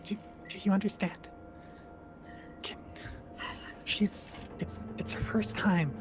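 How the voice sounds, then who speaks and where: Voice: medium pitch, fairly even intonation, takes it slowly, in a whisper, over music, voice pushed up, close to an everyday voice. Someone doing a stammering, nervous mother. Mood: anxious. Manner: stammering, hushed and apologetic. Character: nervous middle-aged mother, furtive.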